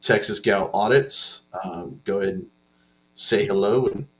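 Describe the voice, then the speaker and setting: Male stream host, lower voice, informal and chatty. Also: measured pace. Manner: chatty, informal, loose filler-heavy introductions. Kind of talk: casual live-stream hosting.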